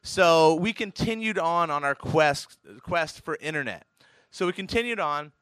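A man telling a casual personal anecdote in an animated way, chuckling often and restarting his sentences. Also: fairly high pitch, measured pace, clean tone, dry recording, clean studio sound. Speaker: storyteller.

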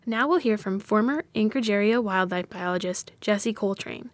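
A woman host introducing the next storyteller in a plain, measured, scripted way. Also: mid-range voice, dry recording.

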